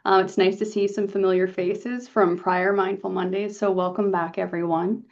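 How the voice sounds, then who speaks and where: Soft-spoken woman guiding meditation, dull audio. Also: mid-range voice, gravelly. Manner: calm, soft-spoken, gentle pauses. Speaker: meditation guide. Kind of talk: guided meditation talk. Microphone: video call. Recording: dull lo-fi video call audio.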